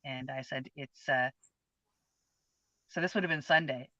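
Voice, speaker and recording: A woman's voice: rumbling low, measured pace, bright, forceful tone, dry recording. Woman in her 50s sharing a personal story on a chat show, earnest and open, muffled lo-fi sound. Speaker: co-host. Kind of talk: casual chat about a personal experience. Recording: dull lo-fi, dry sound.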